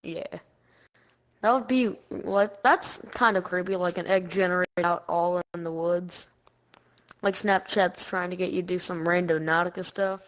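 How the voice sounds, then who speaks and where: A woman's voice: lowish voice, steady tone, measured pace, low-quality recording. Chatty playful woman guest. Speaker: podcast guest. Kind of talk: casual chat, telling school stories.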